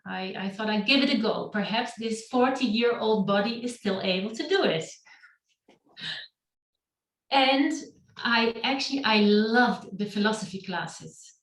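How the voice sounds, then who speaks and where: A middle-aged woman on a video call gives a meetup a reflective, personal storytelling talk about her own life. Her voice is on the high side with lively intonation, and she tells her story slowly and thoughtfully. The recording sounds roomy and distant from the mic.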